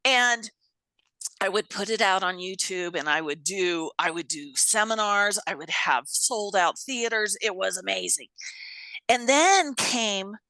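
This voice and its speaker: A woman talking as an interview guest in casual chat, animated and quick to laugh, with some salty language. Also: mid-range voice, dry recording, rough recording.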